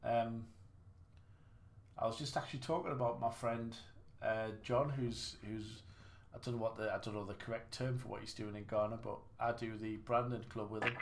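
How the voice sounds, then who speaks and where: A man's voice: medium pitch, fairly even intonation, normal speed. A man livestreaming a snooker game, chatting casually and mocking his own play with rambling restarts. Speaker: gaming livestreamer. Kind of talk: casual live commentary while playing.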